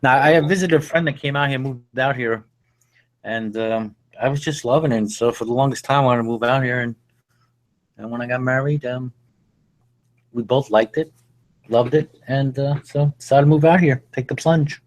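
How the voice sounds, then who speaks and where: A man's voice: medium pitch, normal speed. A man, a guest in a casual chat, laid-back and blunt, swearing casually. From Brooklyn, New York.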